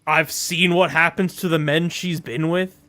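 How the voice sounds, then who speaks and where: Joking, higher-voiced male streamer. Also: steady tone, a little slow, sharp tone, soft background music. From Europe. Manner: joking, rambling, laughs often. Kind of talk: casual gameplay commentary.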